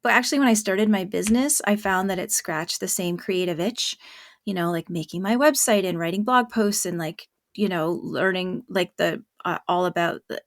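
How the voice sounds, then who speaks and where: A woman's voice: lowish voice, moderate pace, no room sound, studio quality. A middle-aged woman podcast host and parent coach, telling stories in a casual, chatty way and laughing often. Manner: chatty storyteller, laughs often, many fillers.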